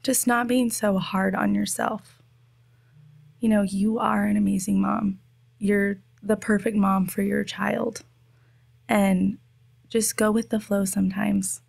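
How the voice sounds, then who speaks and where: Brief: woman guest, flat delivery, heavy vocal fry, emotional and encouraging. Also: mid-range voice, slow pace. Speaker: guest mother. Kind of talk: casual podcast chat.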